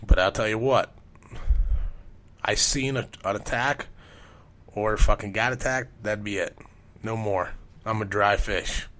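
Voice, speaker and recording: A man's voice: fairly low pitch, unhurried, long pauses, fairly bright tone. A man hosting a podcast, telling stories in a casual, rambling way and swearing constantly. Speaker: podcast host.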